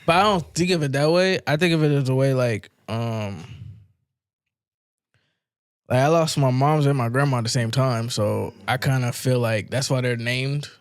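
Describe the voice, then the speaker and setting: A man's voice: medium pitch, moderate pace, dry recording, studio quality. A man in a casual chat, a father talking in a laid-back, blunt way and swearing freely. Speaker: guest, father of two daughters.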